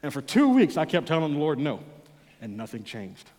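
Pastor preaching in a reverberant hall. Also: male voice, on the high side, wildly swooping pitch, moderate pace. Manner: storytelling, swings from loud mock pleading to quiet intensity. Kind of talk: sermon.

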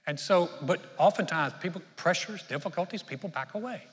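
In a church sanctuary with a long reverb tail, a pastor with a high, slightly fast voice preaches a sermon. He tells a joking story, then urges his listeners with growing emphasis into an emphatic exhortation.

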